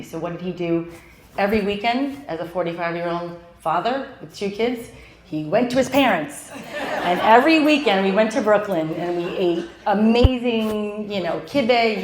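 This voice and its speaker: A woman's voice: fairly low pitch, a little hiss or hum. A middle-aged woman hosting a live event, speaking in a chatty, heartfelt way with frequent fillers and restarts. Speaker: host and club founder. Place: in-person event room. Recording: roomy echo of a live venue.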